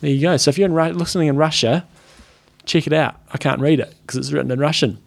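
Gravelly man co-hosting a podcast. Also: on the high side, fast. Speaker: podcast co-host. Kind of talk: casual podcast chat.

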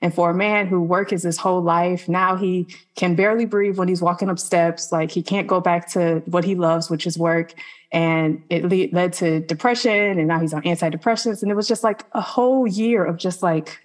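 A woman's voice: fairly low pitch, steady tone, normal speed. A woman telling a personal faith testimony as a podcast guest, earnest and conversational, with many "like" fillers.

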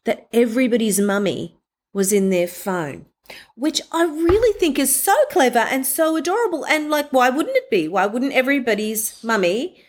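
Animated woman telling stories. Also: fairly high pitch, normal speed. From Australia. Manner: animated storytelling, acts out quoted friends. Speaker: guest, voiceover artist. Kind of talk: conversational interview.

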